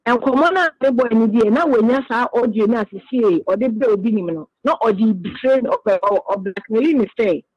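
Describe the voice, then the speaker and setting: A woman's voice: on the high side, moderate pace, few pauses, a little mellow, no echo, highs cut off. A woman being interviewed on the radio, earnestly explaining her side at length.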